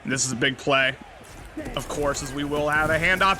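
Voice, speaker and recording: Excitable young man calling game plays. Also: on the high side, moderate pace. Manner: excitable, bursts into loud shouts on big plays. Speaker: game commentator. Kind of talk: casual play-by-play commentary of a video game. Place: library. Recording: noisy background.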